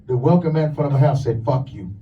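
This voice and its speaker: A man doing a stand-up comedy set in a club, telling crude, punchy stories with quick asides. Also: a little high, distant mic, dull audio, slight background noise. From lives in the USA.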